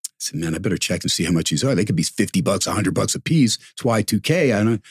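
A middle-aged man spins a long casual anecdote, slipping into the voices of the people in it. His voice sits low with a husky edge, recorded close and dry. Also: fast, no echo. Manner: animated storyteller, acts out quoted voices. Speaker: sportscaster guest. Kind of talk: casual storytelling.

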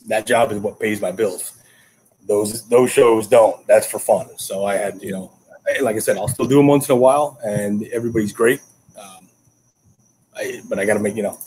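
A man talking as a guest in a casual interview, relaxed and halting as he answers. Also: lowish voice, breathy edge, poor audio. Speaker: guest, former wrestler.

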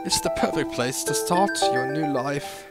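A man reading out a kindly old grandfather's letter in his own plain, gentle voice, over loud game music. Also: a little high, unhurried.

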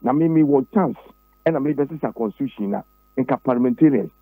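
A Ghanaian man, a pastor and former presidential candidate, speaking emphatically as an interview guest, his voice husky and jumping high when he presses a point. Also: animated, brisk, faint music behind. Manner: emphatic and preachy, with sudden high pitch leaps and repeated words. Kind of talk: political interview, Twi mixed with English. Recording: tinny phone-like line.

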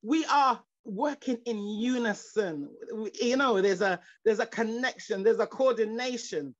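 A woman's voice: a little high, unhurried, dry recording. A woman preacher delivering a fervent sermon over a video call, repeating herself, restarting phrases and breaking into exclamations of praise. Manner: fervent, repetitive, stumbling restarts, rising into exclamations. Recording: dull lo-fi video call audio.

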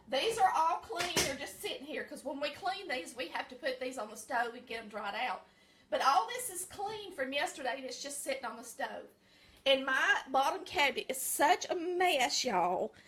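A woman's voice: sits high, a bit bright, slight background noise. A middle-aged Southern woman with a Southern American accent, chatting folksily to viewers in a casual vlog from her home kitchen. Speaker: vlogger.

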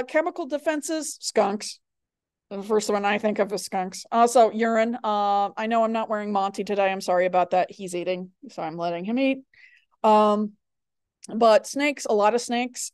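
A biology instructor with a medium-pitched, slightly mellow, clear and resonant voice gives a recorded lecture, captured dry with clean studio sound. Her delivery rambles and digresses, heavy with fillers and personal stories.

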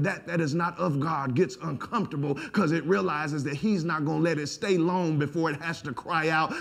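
A male pastor preaching a sermon, building from low talk to shouted lines and laughing as he goes. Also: gravelly, slightly rough.

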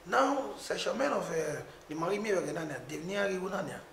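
A man's voice: high voice, a little fast, gravelly, a little hiss or hum. A man with a Nigerian accent, a musician talking animatedly in a casual conversation. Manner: animated, mixing pidgin and Edo. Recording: echoey room.

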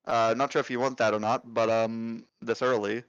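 A man's voice: mid-range voice, level tone, normal speed, clean tone, dry recording, lo-fi sound, natural voice. A man voicing a blunt male tavern barman who banters cheekily with his customers. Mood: teasing. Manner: cheeky, slangy barkeep banter.

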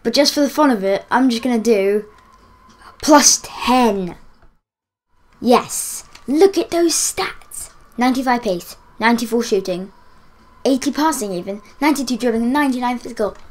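A woman with a fairly high voice talks through a football video game match as she plays it. She is excitable, cheering on her players and groaning at their misses, in casual live commentary. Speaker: gaming YouTuber.

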